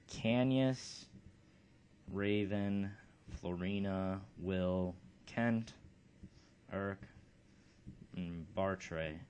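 Slow, low-voiced let's play host. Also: male voice, darkish tone, highs cut off, a little hiss or hum. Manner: laid-back and offhand. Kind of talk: casual game commentary.

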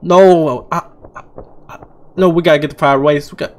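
A young man, playing a horror game and talking his viewers through it, switching between low muttering and loud frightened shouts. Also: steady tone, moderate pace, pauses often. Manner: swings from low mumbling to loud panicked shouts, reads on-screen text aloud. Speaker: gaming channel host. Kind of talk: horror game let's play commentary.

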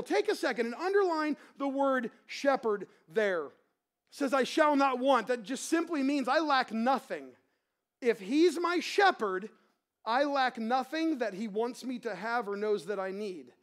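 High-voiced woman pastor preaching fervently. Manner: impassioned, repeats phrases, swells to shouts; conversational preaching with many restarts. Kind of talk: sermon.

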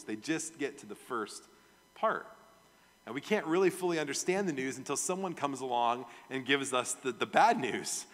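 Guy pastor preaching casually, mid-pitched voice, lots of hall echo. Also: fairly bright tone. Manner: conversational, asks the audience questions. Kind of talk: verse-by-verse sermon. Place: church sanctuary.

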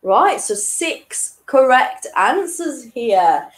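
A woman's voice: high voice, big pitch swings, very slow, poor audio. A young woman hosting an online quiz in a chatty, casual way, chuckling between questions. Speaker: quiz host.

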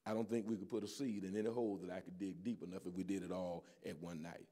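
Older man, church pastor preaching; mellow, dark tone, amen after amen. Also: low-pitched, level tone, quick pace. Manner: preacherly, peppered with amens and restarts. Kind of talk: sermon. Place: church sanctuary with live audience.

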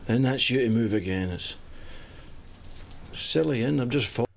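An actor playing a gentle, reflective older Scottish pensioner in a sitcom. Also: male voice, medium pitch, normal speed, creaky, lightly acted.

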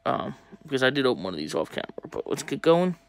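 Chatty excitable man opening card packs. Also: medium pitch, fast talker. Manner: chatty and excitable, talks to viewers as y'all. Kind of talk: casual pack-opening vlog.

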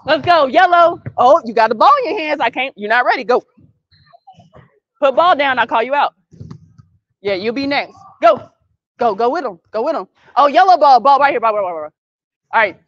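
Brisk, high-voiced woman basketball coach. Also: expressive, no room sound. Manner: brisk, directive calls and encouragement; patient, gentle correction of the group. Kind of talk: coaching kids during practice. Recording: dull, dry lo-fi sound.

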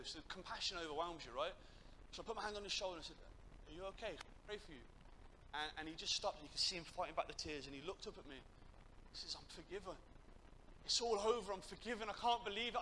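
A young man preaching a sermon, impassioned and building to loud, emphatic peaks. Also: on the high side, a little hiss or hum, low-quality recording. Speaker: guest preacher.

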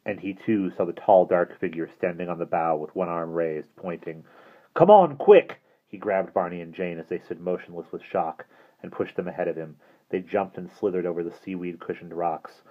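A man reading a novel aloud as audiobook narration, in a steady, measured way. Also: sits low. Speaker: audiobook reader. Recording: tinny phone-like audio.

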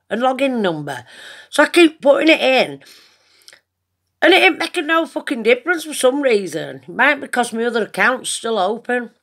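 A woman's voice: sits high, a bit bright. A woman chatting casually to camera, giggling often, swearing freely and rambling from one thing to the next.

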